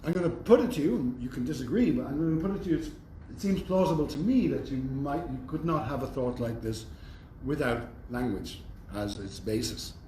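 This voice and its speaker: A man's voice: medium pitch, a little fast, hardly any pauses, dark tone. A man giving a university lecture in a thoughtful, conversational way with wry asides. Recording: roomy echo, faint background noise.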